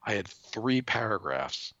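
A man with a very low but bright voice whose pitch swings widely as he rambles. He talks hesitantly, full of fillers and restarts, and sounds dry and close-miked. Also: very animated, a little slow, dry recording, dull audio. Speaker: guest, toy and comics reviewer. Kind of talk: casual conversation.

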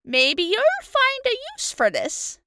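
A woman voicing a helpful old woman from a fairy tale, in a high old lady voice. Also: huge pitch swings, takes it slowly, sharp tone, no room sound, clean studio sound, full character voice. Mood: kindly. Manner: storybook telling.

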